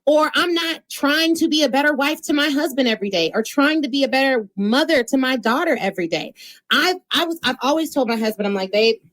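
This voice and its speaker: A woman's voice: high voice, brisk, fairly bright tone. Emphatic woman hosting a motivational podcast. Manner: emphatic, preachy, playful, slips into informal slang. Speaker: podcast host and speaking coach. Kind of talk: motivational solo podcast talk.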